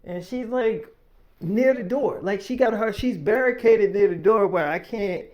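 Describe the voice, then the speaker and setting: High-voiced man telling a blunt story. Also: a little mellow, dull audio. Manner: blunt, profane, rapid retelling. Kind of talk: casual storytime monologue.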